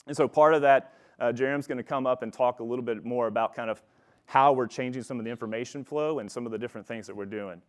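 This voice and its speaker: Relaxed man introducing a colleague. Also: medium pitch, quick pace. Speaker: company leader introducing a colleague. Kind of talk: conference talk.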